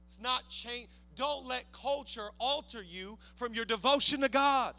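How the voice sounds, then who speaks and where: A male pastor with a high, very bright voice delivers an energetic sermon. He swings from hushed, casual asides to loud, soaring climaxes. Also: measured pace, hardly any pauses. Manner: acts out biblical characters in casual slang voices. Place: church sanctuary.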